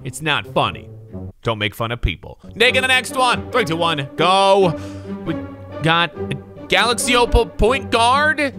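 A young gaming commentator with a high voice that leaps all over the place. He talks in a loud, sarcastic way, jumping from yelps to low mutters. Music plays clearly under him. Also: measured pace. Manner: loud, animated and sarcastic, swinging between shouts and mutters. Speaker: gaming YouTuber. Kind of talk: video game commentary.

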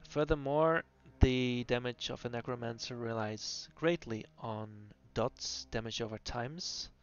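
A man talks through a video game class guide at a slow, unhurried pace, often pausing on fillers as he explains. His voice sounds dull and lo-fi, with faint music playing underneath. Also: medium pitch, clean tone. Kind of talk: gameplay class guide voice-over.

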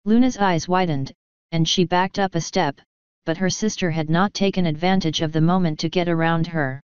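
Very smooth-voiced woman reading a story. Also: fairly low pitch, moderate pace, dry recording. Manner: steady, even narration. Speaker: fanfiction reader. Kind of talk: storybook narration. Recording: dull lo-fi recording.

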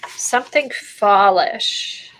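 A woman's voice: mid-range voice, drawn-out words, a bit bright, a little hiss or hum, rough recording. A woman chatting casually with a friend over a crafting session, eager with suggestions, on a camera mic. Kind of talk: casual chat.

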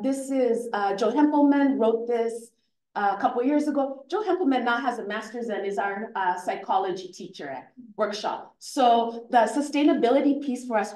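A woman's voice: on the high side, darkish tone. Earnest woman teacher presenting in an echoey room. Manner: earnest, halting, with fillers. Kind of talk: conference presentation.

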